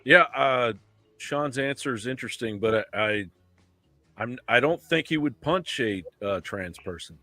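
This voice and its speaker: A man on a talk panel answering a quiz question in a hesitant, halting way. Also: medium pitch, animated, sharp tone, dry recording, soft background music. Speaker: panel guest.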